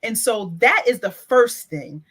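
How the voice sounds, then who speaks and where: A woman's voice: on the high side, lively intonation, measured pace, fairly bright tone. A woman, a guest on a talk show, speaking as a proud parent and telling earnest stories about her son's gift. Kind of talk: casual interview chat.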